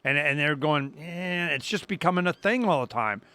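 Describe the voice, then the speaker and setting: A man's voice: a little high, lively intonation, moderate pace, bright, forceful tone, clean tone, dry recording. A man hosting a talk show, speaking in an emphatic, rambling way with frequent restarts. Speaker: radio talk show host. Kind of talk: casual talk-radio conversation.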